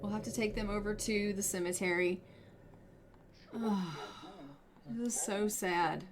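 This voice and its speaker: A woman's voice: mid-range voice, steady tone, unhurried. Woman talking over her sim game, chatty, does little voices for her characters, crowd noise in the back. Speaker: gaming channel host. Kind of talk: casual let's-play commentary.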